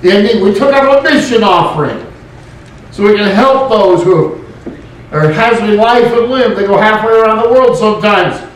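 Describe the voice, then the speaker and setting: A male pastor preaching a sermon in an animated way, with joking asides. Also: high voice, normal speed. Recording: very echoey room, mic far off.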